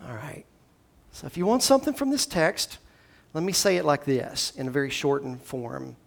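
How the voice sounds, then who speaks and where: A man's voice: big pitch swings, moderate pace, gravelly. A man from Tennessee preaching a sermon in a church, talking conversationally and acting out the scripture dialogue. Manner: conversational, dramatizes scripture dialogue with shifting pitch and loudness. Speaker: pastor. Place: church sanctuary.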